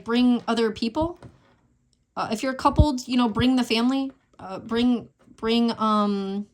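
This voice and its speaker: Emotional woman reading tarot cards. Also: a little high. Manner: emotional, many fillers and restarts, exclamations. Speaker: tarot reader.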